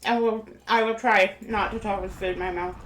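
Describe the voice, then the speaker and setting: Her voice is medium-pitched, steady and fairly bright, moving a little fast as she rambles casually on a home live stream. She's a middle-aged woman from Kansas, USA, who chats while eating, heard in an echoey room with faint background noise.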